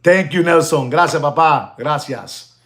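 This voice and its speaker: A middle-aged man hosting a live stream as a watch dealer. He talks straight to his viewers in an excitable, chatty way and drops in Spanish words. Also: a little high, measured pace. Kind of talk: casual livestream chat with viewers.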